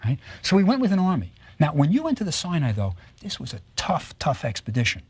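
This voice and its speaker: A man giving a recorded lecture on Egyptology, telling stories with lively rhetorical questions and frequent tag questions. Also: on the high side, a little fast, breathy edge, no room sound. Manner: animated storytelling with rhetorical questions; tags statements with "right?".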